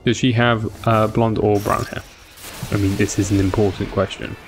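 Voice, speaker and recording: Sleepy male streamer, loose chat with viewers, lowish voice, some gravel, soft game music in the background. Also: little pitch movement, moderate pace. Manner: rambling, chatty with viewers, many fillers. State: tired. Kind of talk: casual live-stream chat.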